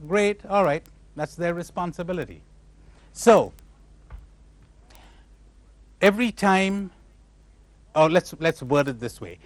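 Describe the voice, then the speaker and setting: A man giving a spiritual lecture to a live audience, animated and questioning his listeners, acting out imagined replies. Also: sits high, no echo. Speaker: spiritual teacher.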